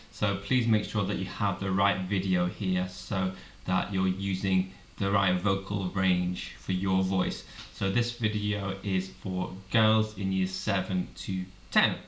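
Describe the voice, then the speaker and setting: Low-voiced man coaching a vocal warm-up. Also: little pitch movement, unhurried. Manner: clear, encouraging step-by-step coaching with demonstrated sounds. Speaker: singing teacher. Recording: roomy echo, a little far from the mic, faint noise.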